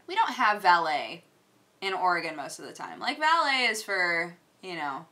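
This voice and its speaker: Young woman, casual vlog storytelling, lively swooping pitch, bright, animated delivery. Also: normal speed. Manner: gets loud and exasperated retelling a rant. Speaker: vlog host.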